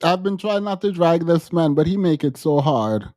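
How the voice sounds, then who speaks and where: A man's voice: a little high, animated, moderate pace, mellow, no echo, clean studio sound. Male co-host riffing casually, teasing and laughing through his commentary. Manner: mocking, laughs often. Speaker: podcast co-host.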